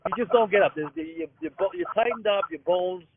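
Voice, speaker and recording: A man in his fifties with a Boston accent, a comedian ranting in a rambling, excitable way and acting out other people's lines. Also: high-pitched, fairly quick, creaky, no room sound. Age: 50s. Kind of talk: comic rant. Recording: tinny dry phone line.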